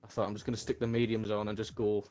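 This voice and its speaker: A man, a racing driver telling his race in brisk, self-deprecating storytelling. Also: lowish voice, flat delivery, darkish tone. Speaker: sim racing driver being interviewed. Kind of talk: casual post-race chat.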